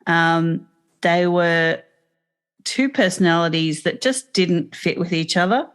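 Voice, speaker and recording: Frank Australian woman, lowish voice. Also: animated, takes it slowly, clear, resonant tone. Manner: frank, matter-of-fact storytelling. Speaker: podcast guest. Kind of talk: podcast interview.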